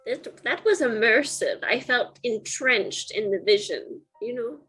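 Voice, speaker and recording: A woman's voice: on the high side, measured pace, fairly bright tone, breathy edge, faint music behind. A woman playing a tabletop roleplaying game, joking and bantering with the table. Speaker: player.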